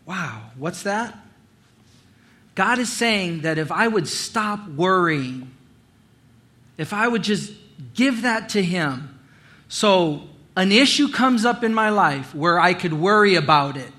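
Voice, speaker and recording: Bright, high-voiced man preaching. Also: slow. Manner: animated storytelling, acting out voices and quotes. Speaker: pastor. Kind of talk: sermon.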